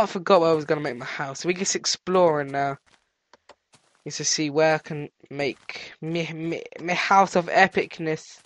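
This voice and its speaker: A teenage boy with a cold and sore throat, doing let's play commentary as a gaming channel host, excitable and yelping at discoveries. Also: a little high, moderate pace, no room sound. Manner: excitable, yelps and squeals at discoveries, chatters to animals.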